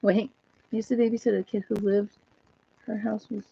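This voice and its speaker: A chatty woman hosts a casual live stream from home, easily amused and quick to laugh. Her voice sits in a middle pitch. The sound is dull and muffled, and the room is dry. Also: little pitch movement, creaky, dark tone, husky, no room sound. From United States. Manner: chatty, laughs often, talks to viewers and her dog. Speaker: host of a live chat stream.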